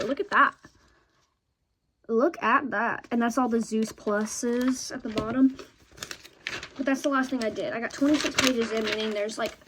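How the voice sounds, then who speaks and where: A young woman vlogging in a chatty, excitable way about her favorite shows and books, often ending points with "okay?". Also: fairly high pitch, slight background noise.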